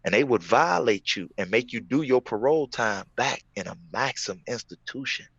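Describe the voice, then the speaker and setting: A man's voice: mid-range voice, lively intonation, moderate pace, fairly bright tone, slightly rough, no echo, muffled recording. Man with a mid-range voice telling prison stories, emphatic, dry close recording. Casual interview guest. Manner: emphatic, repeats phrases. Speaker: former prisoner telling his story.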